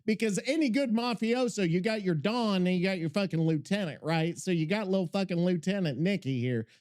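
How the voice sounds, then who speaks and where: A man hosting a podcast, talking in an excitable, rambling, profane way. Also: sits high, fairly quick. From Missouri. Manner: excitable, rambling, heavy swearing. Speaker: podcast host. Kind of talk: casual podcast chat.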